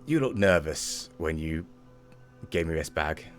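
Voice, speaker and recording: A man voicing a cruel, greedy one-eyed male gang boss who talks with slow, calm menace in a tabletop game. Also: rumbling low, soft background music. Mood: coldly menacing.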